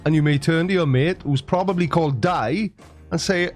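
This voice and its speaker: A man's voice: high voice, moderate pace. Jokey Welsh man, music behind. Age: 40s. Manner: sarcastic, jokey. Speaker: YouTuber. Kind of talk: comic explainer monologue.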